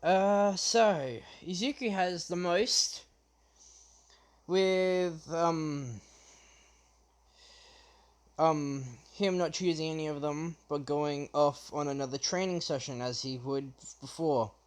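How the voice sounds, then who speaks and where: A young man retelling his fan story off the cuff, halting often with fillers and restarts. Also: a little high, steady tone, clear, resonant tone.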